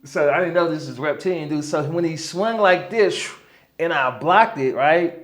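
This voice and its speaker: A man telling a story as a guest in a casual interview, animated, often checking in with "right?" and "you know what I'm saying?". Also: a little high, normal speed. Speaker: guest healer.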